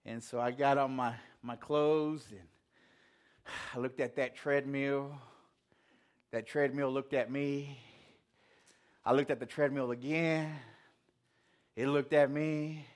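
A man's voice: mid-range voice, fairly even intonation, slow pace, long pauses. A man preaching a casual, conversational sermon, telling a self-deprecating story with quoted asides. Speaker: pastor.

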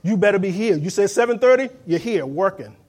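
A man delivers a lively sermon in a high voice, driving home each point and calling for the congregation to answer back. He slips into quick impressions of the people he quotes, then returns to plain, emphatic preaching. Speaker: pastor.

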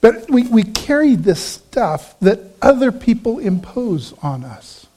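A middle-aged man with a rather high voice delivers a sermon in an easy, conversational way. He tells a personal story and drops to a lower voice when he quotes his friends. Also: very animated, slow, warm tone. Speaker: pastor.

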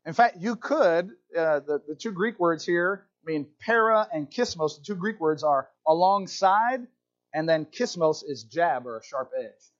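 Country-accented male pastor, high voice, animated sermon delivery, slightly muffled recording. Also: a little slow. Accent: Southern US country. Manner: animated preaching, asides to congregation.

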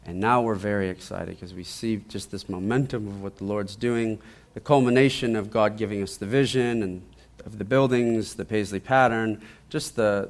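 A man preaching, telling a testimony in a lively storytelling way and often repeating his words as he goes. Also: on the low side. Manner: animated storytelling, acts out quoted voices, repeats words.

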